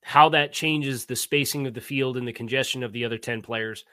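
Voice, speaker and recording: A man's voice: mid-range voice, brisk, pushed and bright, dry recording. A man with a Philadelphia accent co-hosting a sports podcast, chatting casually and playfully about football. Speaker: podcast co-host, football analyst.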